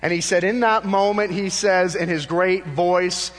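A man's voice: sits high, steady tone, unhurried, hardly any pauses, big-room sound. A male pastor preaching a sermon in a church, telling a story with passion and building to fervent appeals. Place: church sanctuary.

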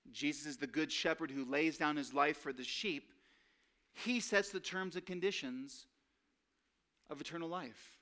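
A pastor delivers a sermon with earnest emphasis, his voice slightly bright. He lifts it on key phrases, then drops lower and slower when quoting scripture.

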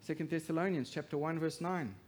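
A man preaching a sermon as pastor, swinging from hushed to loud emphasis and asking the congregation rhetorical questions. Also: on the high side, steady tone, a little fast, a little hiss or hum.

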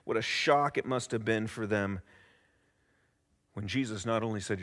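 A male pastor preaching a sermon in an expressive, storytelling way with dramatic pauses. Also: fairly low pitch. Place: church sanctuary. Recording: long reverb of a church hall.

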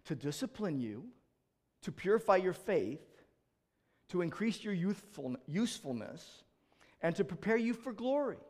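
A male pastor preaching a sermon in an emphatic way, telling stories with acted-out exchanges and swinging between loud urging and quiet, low passages. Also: big pitch swings, measured pace, long pauses.

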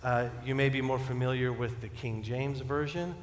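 A man preaching a sermon as pastor, earnest and building to emphatic peaks before dropping soft. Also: mid-range voice, fairly even intonation, moderate pace, few pauses. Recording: echoey church hall with long reverb.

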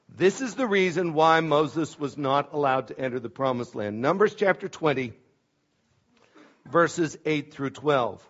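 Male pastor, sermon, emphatic, loud stresses and soft asides, slightly high voice, muffled lo-fi recording. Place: church sanctuary. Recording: dull lo-fi sound.

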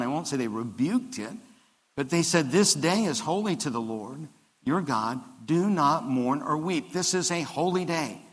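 Guy preaching a sermon, kinda high voice, chatty with lots of restarts, big echoey church hall. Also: fairly bright tone. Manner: conversational preaching with restarts and rising emphasis. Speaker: pastor. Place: church sanctuary. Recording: long hall reverb of a church.

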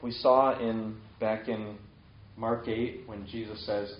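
Speaking slowly in a level tone, a man with a voice on the low side delivers a casual sermon, with slight background noise present. He retells scripture conversationally and acts out the quoted lines with sudden lifts. The recording has an echoey, dull lo-fi room sound.

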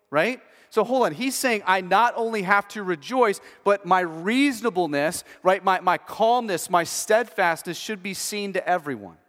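A man delivers a sermon in a loose, conversational manner, repeating words as he restarts and tossing "right?" to the congregation. His voice sits a little high for a man, and a long hall reverb trails each phrase. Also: fairly bright tone. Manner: conversational preaching with frequent restarts and "right?" asides. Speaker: pastor.

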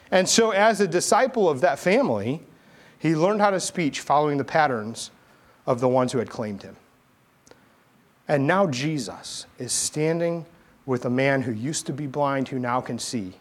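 A man preaching a sermon as pastor, telling stories in a casual, animated, conversational way. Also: a little high, slightly rough. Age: adult, army veteran.

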